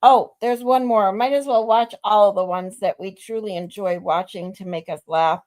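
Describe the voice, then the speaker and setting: A woman's voice: mid-range voice, steady tone, moderate pace, darkish tone. Chatty woman hosting a commentary stream. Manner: amused, chatty. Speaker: channel host. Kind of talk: casual commentary.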